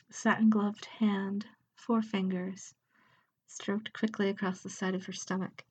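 A woman reading an intimate audio story aloud, softly and often at a whisper. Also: mid-range voice, little pitch movement, breathy edge, highs cut off. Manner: soft, slow, often whispered. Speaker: narrator.

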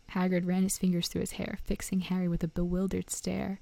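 A woman reads a storybook aloud in a steady, even storytelling manner. Her voice is mellow and warm, with a close, dry sound and no room around it. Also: on the low side, brisk, gravelly, hardly any pauses, dry recording. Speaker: narrator. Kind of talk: audiobook narration.

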